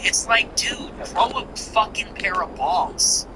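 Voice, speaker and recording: A man's voice: sits high, slow, hardly any pauses, noisy background. Contemptuous ranting male host. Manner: contemptuous ranting, repetitive emphatic lists. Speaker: show host. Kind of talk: political commentary monologue.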